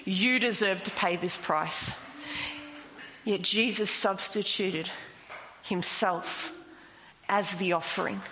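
Woman preacher, emphatic sermon, bright voice, long hall reverb, dull lo-fi sound. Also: slow pace, pauses often, slight background noise. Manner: emphatic, rising to high passionate declarations.

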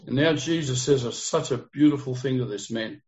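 A man's voice: mid-range voice, moderate pace, darkish tone. A man leading an interactive Bible study, explaining the text earnestly and putting questions to his group. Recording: dull lo-fi recording.

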